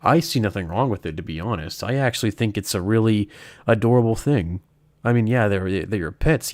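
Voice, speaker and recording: A man's voice: on the low side, a little fast, no echo. A man chatting casually on a live stream, rambling and correcting himself as he goes, with frequent chuckles. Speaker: streamer, horror story reader.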